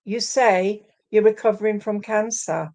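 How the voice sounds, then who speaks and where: Slow-spoken woman medium. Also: medium pitch, darkish tone. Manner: addresses viewers as sweetheart, relays spirit messages. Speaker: psychic medium. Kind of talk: live-streamed card reading.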